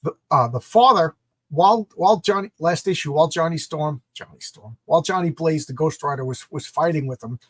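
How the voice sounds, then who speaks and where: Husky enthusiastic middle-aged man reviewing comics. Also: a little high, a little fast, fairly bright tone, no room sound. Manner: enthusiastic, rambling, repeats words. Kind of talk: casual comic review vlog.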